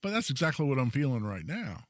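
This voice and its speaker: A man hosting a talk radio show, telling a story in an emphatic, animated way. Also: mid-range voice, fast talker, no room sound. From Indiana, US. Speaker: radio host.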